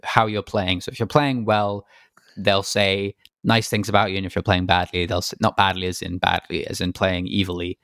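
A man's voice: sits low, level tone, normal speed, a bit bright, clean tone, dry recording, clean studio sound. Laid-back British-sounding man telling a game story. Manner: rambling storytelling with laughs and acted-out quotes. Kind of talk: casual podcast chat about a video game.

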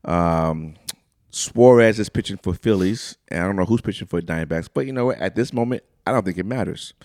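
A man co-hosting a casual beer-and-sports podcast, loud and joking, with sudden shouted bursts. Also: sits low, a little fast, no room sound, studio quality. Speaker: podcast co-host. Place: small room, two mics.

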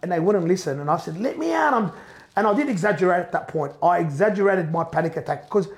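Middle-aged man, high pitch, heated first-person storytelling. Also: fast. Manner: animated, repeats and restarts, acts out quoted voices. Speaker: business owner telling his story.

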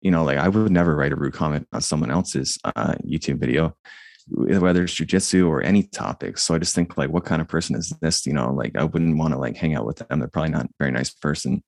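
A man with a monotone voice, chatting casually about his jiu-jitsu videos and the comments he gets, with many fillers and restarts. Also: extremely low pitch, fast talker, no echo. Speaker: jiu-jitsu YouTuber and guest. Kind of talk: casual conversation.

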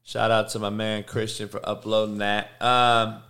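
A man's voice: on the low side, little pitch movement, normal speed, sharp tone. A man hosting a sports betting show, reading injury news in a casual, offhand way with frequent swearing. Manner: profane, offhand, reads news aloud.

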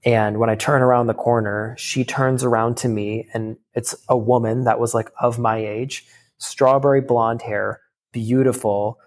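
Man, 30s, podcast guest, heartfelt, filler-heavy, quick. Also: medium pitch, steady tone. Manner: rapid, filler-heavy speech full of "like"; emotional, heartfelt storytelling. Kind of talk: casual storytelling.

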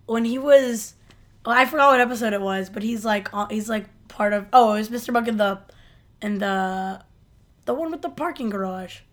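A young woman with a slightly high voice chats about a TV episode. She rambles, restarts her sentences and giggles as she talks. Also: moderate pace, fairly bright tone. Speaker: podcast co-host. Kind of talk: casual chat recapping a TV episode.

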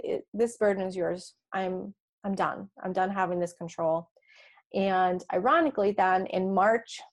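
Expressive woman telling her story. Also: medium pitch. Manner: animated, acts out her own past dialogue; frequent light laughs and restarts. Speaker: interview guest. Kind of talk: personal storytelling in an interview.

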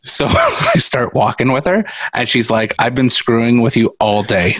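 A man's voice: medium pitch, wildly swooping pitch, normal speed, a bit bright, no echo. A middle-aged man co-hosting a podcast, telling a story casually and laughing often. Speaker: podcast co-host. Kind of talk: casual chat.

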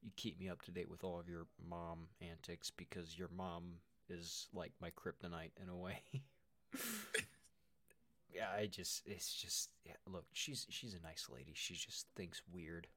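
A man co-hosting a casual podcast, joking loudly and then trailing off into quiet asides. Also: low voice, flat delivery, a little slow, dry recording. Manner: loud, jokey, often trailing off into quiet asides. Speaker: podcast co-host.

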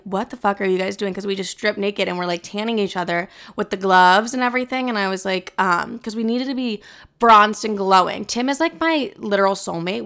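Young woman from chicago rambling on her podcast, lots of fry, swears a ton, says like constantly. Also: medium pitch, a bit bright. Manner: chatty, profane, lots of "like" fillers. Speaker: podcast host. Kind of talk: casual chat.

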